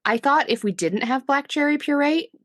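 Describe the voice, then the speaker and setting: A woman's voice: high-pitched, lively intonation, moderate pace, fairly bright tone, no room sound, clean studio sound. A woman co-hosting a podcast, chatting casually and rambling with easy laughs. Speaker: podcast co-host. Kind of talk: casual chat.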